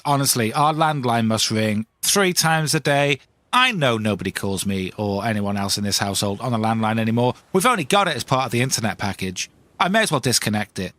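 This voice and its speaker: A man's voice: medium pitch, expressive, fairly quick, fairly bright tone, no room sound. A man hosting a comedic podcast monologue, ranting in a self-mocking way. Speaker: podcast host.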